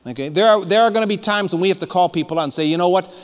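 A man's voice: high-pitched, rapid-fire. Fervent preacher man, hall reverb. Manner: fervent, emphatic preaching with repeated calls to listen. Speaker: pastor. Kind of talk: sermon.

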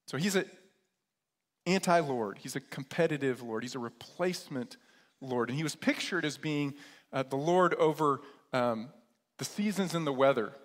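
Man preaching in a reverberant hall. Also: fairly high pitch. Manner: lively storytelling, retells scripture in casual modern terms. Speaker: pastor. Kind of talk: sermon.

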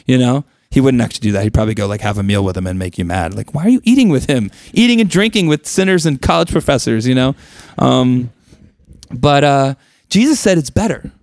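A man's voice: medium pitch, expressive, a little fast, a little mellow, dry recording, clean studio sound. A man leading a Bible study in a casual teaching style, conversational, with joking asides and questions to the group.

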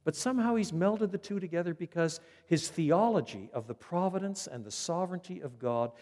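Animated preacher in an echoey hall. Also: male voice, sits high, a little fast. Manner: animated, repeats words when emphatic. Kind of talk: expository sermon.

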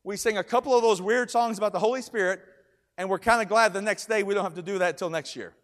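A high-pitched middle-aged man preaching in a church, circling back on his phrases as he tells a story. His voice swells into loud, emphatic declarations. It rings with the long reverb of a large hall. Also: fast talker. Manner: storytelling preacher, repeats words, rising to loud emphatic shouts. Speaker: pastor. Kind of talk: sermon.

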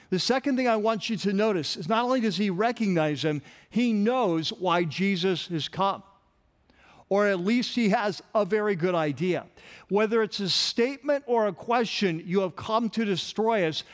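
A pastor delivers an earnest sermon, pressing his points with emphasis and pauses. His voice sits high for a man, and the sound trails off into a long hall reverb.

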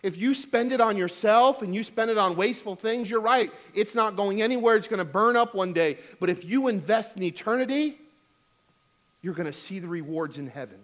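A man's voice: sits high, fairly quick, a bit bright. A middle-aged man preaching a sermon as pastor, telling a funny family story and then urging giving with emphatic exhortation.

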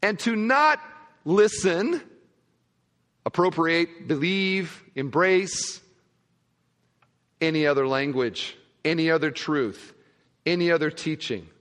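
Pastor guy preaching, kinda high voice, jokey storytelling, big echoey church hall. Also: slow, pauses often. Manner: humorous, conversational, animated storytelling. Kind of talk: sermon with storytelling. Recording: long hall reverb.

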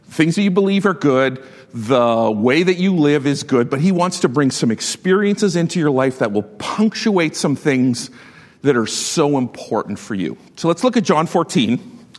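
A man preaching a sermon, telling a story with lively swings between loud and hushed delivery and frequent laughter. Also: fairly high pitch, in a large hall. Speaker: pastor.

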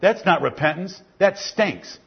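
High-voiced, husky male preacher. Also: animated, measured pace, muffled recording. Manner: fervent, emphatic repetition. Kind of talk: sermon.

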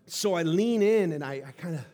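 A male pastor preaching to his congregation, telling a story in an animated way and often stumbling over repeated words. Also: a little high, fairly quick. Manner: animated, stammering repetitions. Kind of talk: sermon storytelling.

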